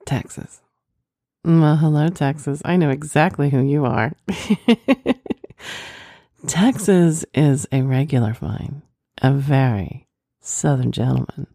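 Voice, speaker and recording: Woman with a super low mellow voice, slow teasing host vibe, little hums, dry close sound. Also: creaky, dry recording. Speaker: host reading listener letters. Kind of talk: intimate adult advice talk.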